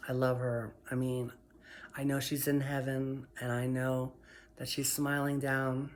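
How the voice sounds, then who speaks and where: A woman sharing her personal story in a vlog, emotional and heartfelt, speaking softly and affirming herself again and again. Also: rumbling low, level tone, measured pace, slight background noise. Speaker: vlogger.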